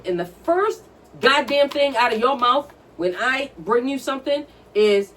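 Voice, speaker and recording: A woman's voice: fairly high pitch, expressive, moderate pace, slight background noise. A woman co-hosting a podcast, telling stories in a blunt, profane, ranting casual chat. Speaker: podcast co-host. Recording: distant from the mic.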